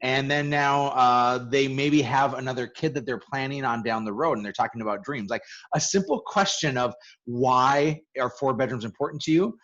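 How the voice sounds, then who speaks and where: A man co-hosting a real estate coaching webinar in casual chat, quick and prone to repeating words as he starts a sentence. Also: mid-range voice, fairly bright tone. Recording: dull lo-fi audio.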